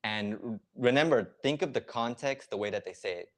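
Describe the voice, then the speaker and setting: A man's voice: medium pitch, brisk, fairly bright tone. A man hosting a casual live reaction stream, explaining slang in a loose, filler-heavy way. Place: lives in Ecuador.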